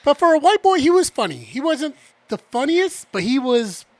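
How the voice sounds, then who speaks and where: A man's voice: extremely high pitch, sing-song, normal speed, no echo. A man co-hosting a podcast in casual chat, with laid-back, dry remarks and some swearing. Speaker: podcast co-host.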